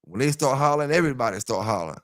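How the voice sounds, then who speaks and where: A man's voice: mid-range voice, animated, racing, no room sound. Rambling man on a dry headset mic. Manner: loose, rambling, talks straight to listeners. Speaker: dog kennel channel host. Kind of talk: casual livestream chat. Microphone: headset with earphones.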